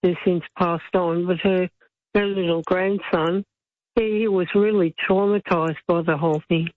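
A woman calling a radio show, speaking in a hesitant, halting way. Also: on the low side, steady tone, no room sound. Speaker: caller. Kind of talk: phone-in recollection. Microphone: phone. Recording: tinny phone line.

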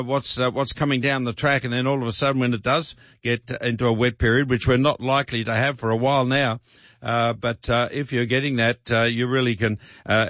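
A man with an Australian accent hosting a talkback gardening show, a little croaky, rambling with restarts and fillers. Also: mid-range voice, a bit bright, dry recording, highs cut off. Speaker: radio gardening show host. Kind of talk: talkback radio advice.

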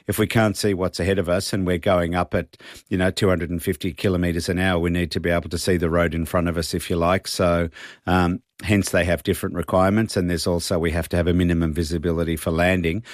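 A man, an airline pilot explaining aviation calmly on talkback radio. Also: low-pitched, fast, dry recording, studio quality. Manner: calm, explanatory, plain-spoken.

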